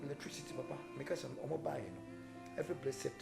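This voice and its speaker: A worried Ghanaian husband. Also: male voice, medium pitch, lively intonation, fairly quick, creaky. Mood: troubled. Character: worried married man, pressured by mother. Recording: music bed under dialogue. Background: music.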